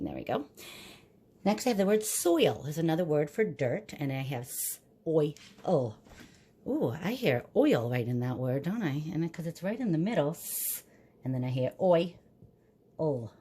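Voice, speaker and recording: A woman teacher giving a recorded phonics lesson to young children, patiently sounding words out slowly. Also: low voice, big pitch swings, warm tone, husky.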